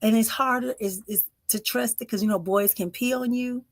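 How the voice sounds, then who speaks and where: A middle-aged woman, hosting a live stream and giving emotive spiritual readings that often drop into soft whispers. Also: on the high side, fairly even intonation, moderate pace, no room sound, studio quality. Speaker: spiritual medium and podcast host. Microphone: close mic for live streaming.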